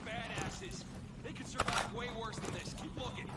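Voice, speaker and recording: A gruff, urgent soldier in a game. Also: male voice, very high voice, normal speed. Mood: grim. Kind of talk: video game dialogue. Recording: game audio under loud noise.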